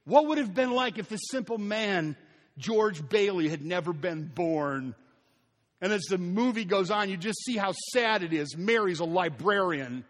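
A high-voiced man preaches a sermon in a church. He is animated, acting out the story and sometimes falling almost silent. His voice rings with long reverb through a large hall. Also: a little slow. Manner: animated preaching, acting out scenes and dropping to a near whisper. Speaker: pastor.

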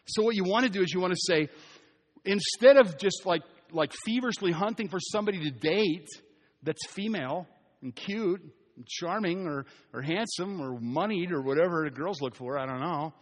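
A man's voice: sits high, expressive, normal speed. A middle-aged man preaching a sermon as pastor in a church, with a conversational, storytelling manner. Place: church hall. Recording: reverberant church hall.

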